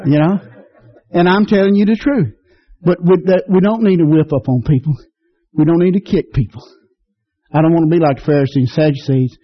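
A middle-aged man, preaching a sermon in a folksy, fervent way, his voice leaping upward when stirred. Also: a little fast. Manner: folksy, fervent preaching with sudden rises in pitch. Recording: dull lo-fi radio broadcast.

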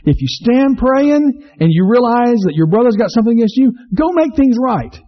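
Very animated and speaking at a moderate pace, a man preaches earnestly as a pastor, repeating himself and posing questions to the congregation. The recording is slightly dull and low-fidelity.

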